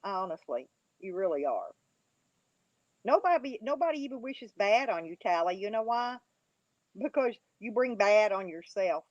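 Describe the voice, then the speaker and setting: A woman's voice: mid-range voice, big pitch swings, moderate pace, dry recording. A woman hosting a casual livestream, reading the chat and taunting trolls with a laugh. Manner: mocking, taunting, laughing often. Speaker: livestream host. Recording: dry, dull lo-fi audio.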